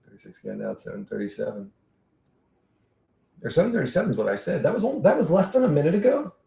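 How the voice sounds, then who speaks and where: Gravelly-voiced man rambling on a livestream. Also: high voice, huge pitch swings, very fast, dark tone, roomy sound. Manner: rambling, profane, reads chat aloud. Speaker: livestream host. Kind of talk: casual livestream chat.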